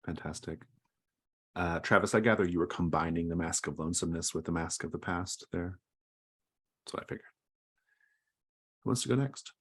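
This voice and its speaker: A man game master running a tabletop game, giving brief quiet prompts to the players. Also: sits low, fairly quick, long pauses, breathy edge.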